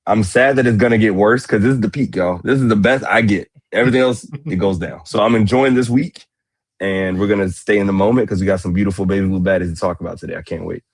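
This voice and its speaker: Congested low-voiced man, excitable. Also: fast talker, slightly rough, dry recording. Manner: excitable, rambling storyteller. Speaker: podcast co-host. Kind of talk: casual sports podcast chat.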